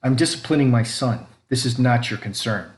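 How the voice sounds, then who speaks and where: A man's voice: medium pitch, moderate pace, lightly acted. A man voicing a cruel, abusive father who speaks in a cold, threatening way. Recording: echoey room with faint background noise.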